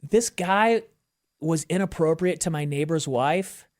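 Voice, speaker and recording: A middle-aged man, a guest on an interview show, talking candidly and with feeling, with emphatic swings in pitch. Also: measured pace. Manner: animated storyteller who acts out quoted voices. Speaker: podcast guest. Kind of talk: conversational interview.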